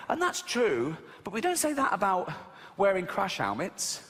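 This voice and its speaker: English man, stand-up rant, high lively bright voice, long hall reverb. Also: moderate pace. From England. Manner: ranting, mock-indignant, giggling at his own jokes. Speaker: comedian. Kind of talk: stand-up comedy routine.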